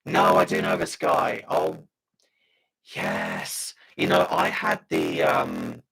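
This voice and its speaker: A man's voice: sits low, completely flat delivery, takes it slowly, creaky, fairly bright tone, slightly rough. A British man hosting a casual livestream, chatting as he reads out viewer comments, with frequent fillers and laughs. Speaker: channel host.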